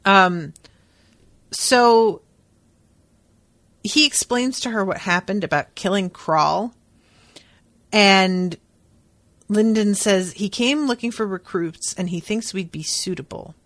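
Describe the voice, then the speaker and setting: A woman's voice: mid-range voice, slow, long pauses, a bit bright, no echo. A woman hosting a podcast, recapping book chapters in a chatty way, with lots of "like" and "um" and some casual swearing. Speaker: podcast host.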